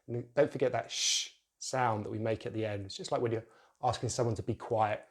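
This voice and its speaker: A man's voice: medium pitch, fairly even intonation. British male pronunciation teacher, careful exaggerated drills. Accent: British English. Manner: slow, exaggerated word drills. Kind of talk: pronunciation lesson.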